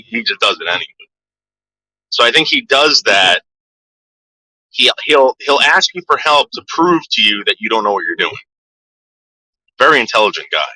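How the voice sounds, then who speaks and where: A man's voice: medium pitch, pushed and bright, no echo, rough recording. A man telling rambling stories to his viewers, repeating words and quoting people in put-on voices. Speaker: streamer telling stories about his father. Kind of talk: casual storytelling to a live chat.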